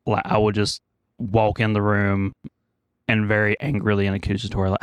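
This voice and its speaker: A man's voice: lowish voice, level tone, moderate pace, clean tone, no echo, studio quality. A man co-hosting a podcast, fighting a cold, telling rambling family stories and laughing at his own jokes. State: congested with a cold. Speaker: podcast co-host. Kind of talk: casual chat.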